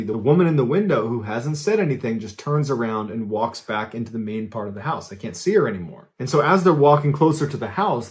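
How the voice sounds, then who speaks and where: A man in the host's seat telling a creepy true story in a relaxed, conversational way. His voice sits at an ordinary middle pitch. He leans on key moments and builds suspense with steady emphasis. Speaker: host and storyteller. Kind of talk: casual storytelling.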